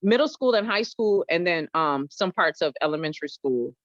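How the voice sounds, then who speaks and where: A woman's voice: on the low side, moderate pace, dry recording. Storytelling woman with slight Southern twang. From Gary, Indiana. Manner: animated, expressive storyteller. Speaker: guest. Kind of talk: casual conversational storytelling. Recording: dull lo-fi recording.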